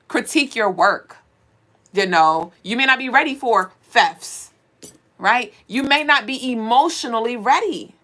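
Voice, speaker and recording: A woman's voice: fairly high pitch, sharp tone. Blunt preachy woman reading cards. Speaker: spiritual reader. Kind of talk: livestream spiritual card reading.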